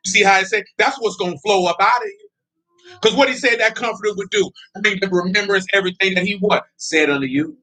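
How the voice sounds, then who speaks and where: A man's voice: high voice, fast talker, pushed and bright. A male preacher giving a fiery sermon in blunt, confrontational street talk, prodding listeners with repeated questions and laughing between points. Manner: blunt, confrontational, repeats "you know what I'm talking about".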